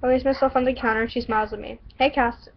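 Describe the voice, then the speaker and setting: A woman's voice: on the high side, steady tone, rapid-fire, gravelly. Woman from the Southern US, casual vlogger reading her story, giggly and chatty, muffled recording. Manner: giggly, chatty, self-interrupting.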